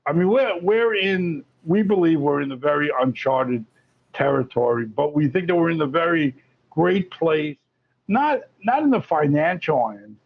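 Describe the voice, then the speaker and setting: A gravelly man with a fairly high voice speaks as a guest on an interview show, chatty and animated and often restarting his sentences. The sound is muffled and lo-fi. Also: normal speed. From Florida. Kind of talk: casual interview talk. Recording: lo-fi muffled audio.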